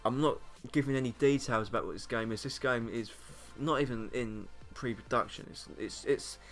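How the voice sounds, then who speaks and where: A young man from Britain, a YouTuber, chats to camera in a casual, meandering vlog monologue full of self-mockery and frequent laughter between points. He speaks at a moderate pace in a medium pitch, with soft music in the background.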